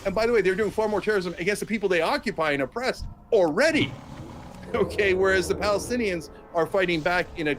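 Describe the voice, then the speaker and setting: A man's voice: sits high, fast, fairly bright tone, a little hiss or hum. A man giving impassioned political commentary, emphatic and indignant, with mocking mimicry of opponents.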